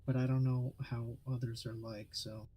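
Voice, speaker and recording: A man's voice: medium pitch, level tone, normal speed, breathy edge, highs cut off. A man co-hosting a gaming stream, talking in a laid-back, hesitant way. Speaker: streamer co-host. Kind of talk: casual gaming chat.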